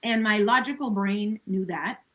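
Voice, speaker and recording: A woman's voice: mid-range voice, moderate pace, a bit bright, poor audio. Chatty, reflective woman podcast guest. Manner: chatty, many "like" and "you know" fillers, laughs between thoughts; earnest and reflective. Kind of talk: casual conversation.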